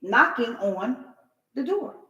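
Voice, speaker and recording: A woman's voice: a little high, slow, roomy sound, poor audio. Emphatic middle-aged New woman. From New York. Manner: emphatic, animated storyteller who acts out other people's lines. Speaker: guest. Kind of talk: talk show storytelling.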